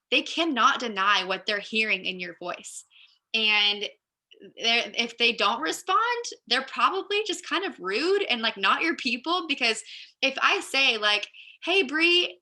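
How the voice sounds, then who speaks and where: Coaching her team through an informal training session, this team leader speaks with an expressive, very bright, forward voice at a measured pace. She's a little higher-pitched than most women, chatty, upbeat and direct, with frequent "like" and "you guys."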